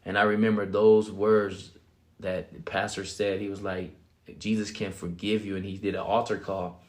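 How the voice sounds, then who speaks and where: Lively man telling his story, low voice. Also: normal speed. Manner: animated, acts out quotes, laughs often. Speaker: guest sharing his testimony. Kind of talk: casual storytelling.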